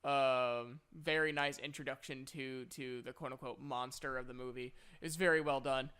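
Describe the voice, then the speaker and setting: A man's voice: medium pitch, steady tone, normal speed, sharp tone, smooth. A young man in a casual spoiler review of a movie, retelling the plot in a rambling way with many filler words.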